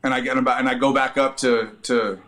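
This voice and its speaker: Fast-talking man telling a story. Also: mid-range voice, rough recording. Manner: lively anecdotal retelling, profane, many fillers. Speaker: podcast guest, actor and army veteran. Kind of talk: casual storytelling interview.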